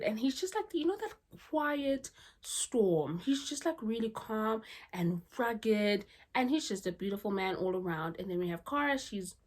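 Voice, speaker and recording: Chatty woman vlogger ranting at home. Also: mid-range voice. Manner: chatty, ranting, animated asides. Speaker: book vlogger. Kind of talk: casual chat.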